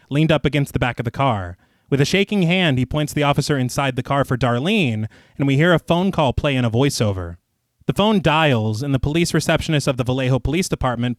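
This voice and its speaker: Smooth-voiced man recapping a film. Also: mid-range voice, no echo, clean studio sound. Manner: lively, laughs often, switches from recap to chatty asides. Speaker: podcast co-host recapping a film. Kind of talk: casual podcast film recap with narrated scene summary.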